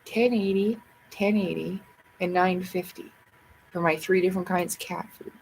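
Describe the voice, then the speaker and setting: A woman's voice: fairly low pitch, steady tone, normal speed, vocal fry, darkish tone, slight background noise, low-quality recording. A woman hosting a livestream, rambling casually to herself and her viewers in a chatty way. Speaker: livestream host.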